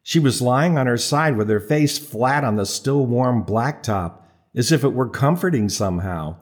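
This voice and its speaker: Man narrating a novel, wry and playful, mid-range pitch, steady delivery. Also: normal speed. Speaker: audiobook narrator. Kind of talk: scripted narration.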